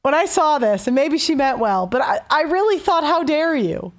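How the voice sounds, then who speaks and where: High-voiced woman ranting bluntly. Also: sing-song, normal speed. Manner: blunt, heated, stumbles and restarts. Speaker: host. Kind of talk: opinion rant on a call-in show.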